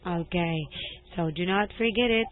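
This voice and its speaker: A woman teaching an English lesson over a call, patient and gently correcting, laughing often. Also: fairly low pitch, moderate pace. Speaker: English tutor. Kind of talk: online one-to-one language lesson. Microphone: video call. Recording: tinny call audio.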